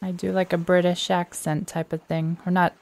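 A woman giving casual let's play commentary, chatty and teasing the enemies, her voice slightly hoarse. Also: fairly low pitch, flat delivery, normal speed, a little mellow, a little hiss or hum. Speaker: gamer playing a shooter.

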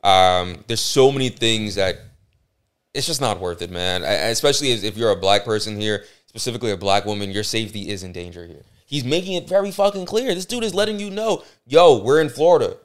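A man's voice: fairly low pitch, animated, brisk, a bit bright, clean tone. A man hosting a podcast, talking bluntly and emphatically, with plenty of swearing and repeated restarts. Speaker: podcast host. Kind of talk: casual podcast commentary.

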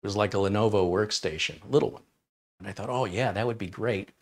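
A man hosting a casual tech live stream, chatting and storytelling at an easy pace. His voice sits a little low, and he breaks into laughter often as he talks. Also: quick pace. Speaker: tech channel host.

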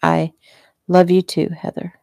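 A woman reading the part of a protective, impatient grown man who speaks softly and hesitantly. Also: high voice, monotone, a little slow, creaky, dry recording, studio quality. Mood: gentle.

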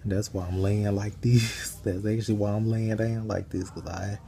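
A tired young man talking casually to his camera while lying in bed, rambling in a relaxed way. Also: lowish voice, normal speed, vocal fry, a little hiss or hum. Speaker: vlogger. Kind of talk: casual chat.

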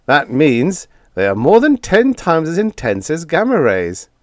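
A man voicing a naive young male second mate, speaking in a high, eager, distracted way. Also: huge pitch swings, a little slow, dry recording, clean studio sound. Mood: earnest.

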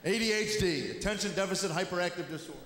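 A middle-aged man doing stand-up comedy, telling stories with a wry delivery and quick voiced asides. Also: sits high, fairly bright tone. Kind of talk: stand-up routine. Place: large hall with live audience. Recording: echoey hall, audible room noise.

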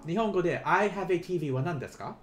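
A man teaching a live online language lesson, explaining patiently and repeating phrases slowly for learners. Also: fairly high pitch, animated, faint music behind.

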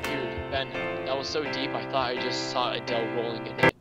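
A young man trades sarcastic quips while gaming, his voice pitched in the middle for a man. Game music plays clearly behind him. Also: level tone, a little fast. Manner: sarcastic, dry jokes. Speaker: gaming friend. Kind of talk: casual gaming chat.

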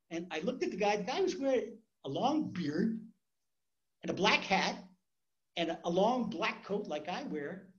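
A man's voice: sits high, big pitch swings, normal speed, fairly bright tone, lo-fi sound. A man, a rabbi, teaching a Torah class in a conversational way, repeating words as he tells stories.

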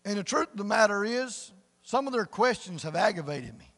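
A middle-aged man, preaching a sermon in a folksy storytelling way that swells to loud emphatic preaching. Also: high voice, very animated, a little fast. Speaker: pastor. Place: church sanctuary. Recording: long church reverb.

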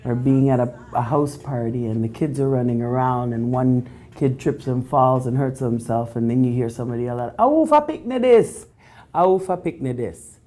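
Mellow-voiced woman in her forties. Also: very deep voice, flat delivery, brisk, hardly any pauses. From Canada. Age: 40s. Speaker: reggae DJ. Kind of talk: documentary interview.

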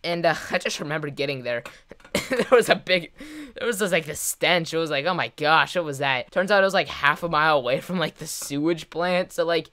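A young man casually telling a story to his video audience, rambling and excitable, with lots of fillers and laughter. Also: on the high side, a little fast. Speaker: gaming vlogger.

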